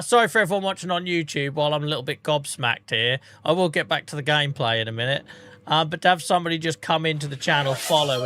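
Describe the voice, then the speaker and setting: A man chatting on a live gameplay stream, excitable and grateful as he thanks his viewers. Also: fairly high pitch. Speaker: livestreamer. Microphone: streaming microphone.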